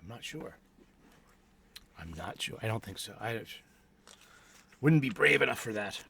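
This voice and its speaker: A man's voice: lowish voice, animated, unhurried, gravelly, a bit bright, breathy edge. Rambling middle-aged man chatting about comics. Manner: rambling, many restarts and fillers. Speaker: host. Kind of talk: casual solo chat about comic books. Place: home studio.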